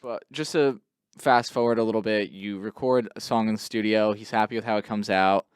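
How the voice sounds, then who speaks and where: A man's voice: on the low side, steady tone, fairly quick, clear, resonant tone, no echo, clean studio sound. A man co-hosting a podcast in casual chat, laid-back and blunt, laughing often. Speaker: podcast co-host.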